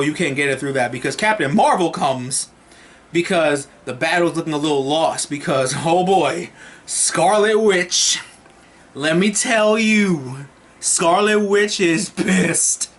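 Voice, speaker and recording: An excitable male movie reviewer recapping a film in a slightly high voice. He rambles and swears freely, talking to the camera like he is chatting with friends.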